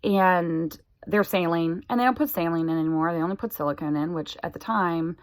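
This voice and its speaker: A woman's voice: lowish voice, fairly quick. A woman in her forties talking candidly to the camera, chatty and exasperated. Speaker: vlogger sharing a health update. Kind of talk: casual chat to camera.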